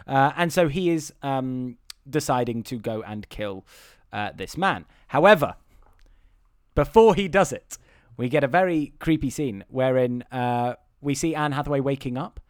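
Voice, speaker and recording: A man recapping a film on a podcast, rambling and sarcastic, slipping into quick mocking impressions of the characters. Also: mid-range voice, smooth, no echo, studio quality. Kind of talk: casual comedic chat.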